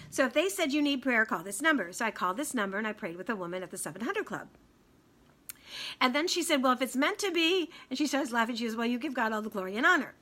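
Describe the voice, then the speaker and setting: A middle-aged woman and radio host telling a personal story in a casual, animated way, acting out the people she quotes and laughing often. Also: fairly high pitch.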